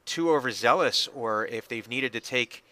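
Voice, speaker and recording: Guy doing a quiet elf elder, slow and careful, bright voice. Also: dry recording, lightly acted. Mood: earnest. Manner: measured, hesitant, low and quiet. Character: calm male elf elder.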